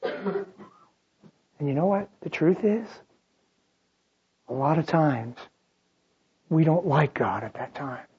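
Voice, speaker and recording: A preacher delivering a sermon, shifting between loud, dramatic outbursts and quiet, drawn-out phrases. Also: medium pitch, expressive, slightly rough, highs cut off.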